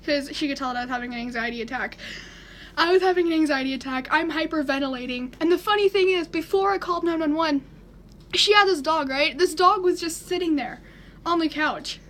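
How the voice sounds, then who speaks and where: A woman's voice: high-pitched, a little fast, a bit bright. A teenage girl telling a story on camera in a casual way, laughing often as she talks. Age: teens. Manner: laughing through her story, giggly. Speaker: vlogger.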